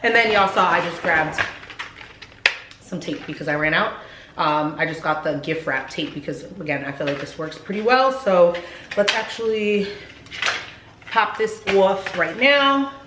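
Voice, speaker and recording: A woman's voice: lowish voice, lively intonation, measured pace, noisy background. Chatty pregnant woman vlogging from her car. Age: 30s. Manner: chatty, candid, slangy, addresses viewers as y'all. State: heavily pregnant. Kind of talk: chatty vlog talk. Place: parked car and at home. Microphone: handheld camera.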